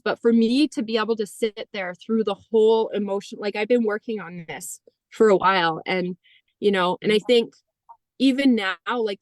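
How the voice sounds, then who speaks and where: A woman in her thirties telling a personal story in conversation, animated, quoting herself and others and saying "like" often. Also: on the high side, no room sound. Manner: animated, heavy use of "like", acts out quoted dialogue. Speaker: podcast guest.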